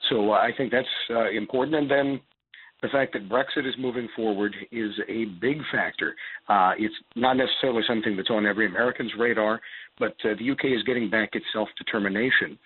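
A man with a congested, partly lost voice, speaking as a guest on a radio show in measured sentences with many filler pauses over a phone line. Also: lowish voice, steady tone, a little hiss or hum. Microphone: telephone studio line.

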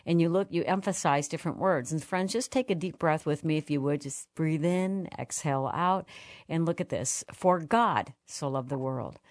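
A woman hosting an interview, earnest and reflective, reading passages aloud slowly. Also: low-pitched, darkish tone, no room sound, studio quality. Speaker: host. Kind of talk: radio interview.

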